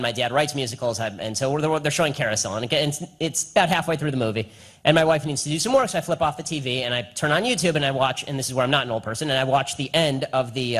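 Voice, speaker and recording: A young man giving a combative live speech and answering audience questions, with rapid, repetitive emphasis. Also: mid-range voice, fairly bright tone.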